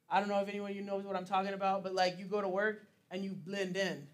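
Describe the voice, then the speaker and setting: A man's voice: high-pitched, little pitch movement, fairly quick. A man giving a casual sermon as pastor, chatty and laughing often, with plenty of fillers.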